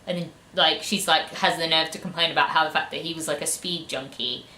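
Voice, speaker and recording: A woman's voice: low-pitched, steady tone, a little fast, bright, forceful tone, slight background noise. A woman ranting sarcastically about a book in a casual review, full of fillers. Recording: echoey room.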